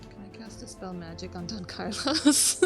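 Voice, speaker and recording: A woman playing a tabletop game, playful and quick to laugh. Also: mid-range voice, animated, faint music behind. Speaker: player.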